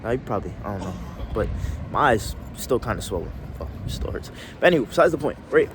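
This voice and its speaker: Male vlogger, casual rambling storyteller, animated delivery, recorded outside with street noise. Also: mid-range voice, fast. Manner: rambling, restarts often, slangy.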